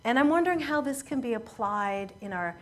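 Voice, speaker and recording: A woman preaching a sermon, telling a story in an earnest, measured way that often falls quiet at emotional moments. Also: on the high side, expressive.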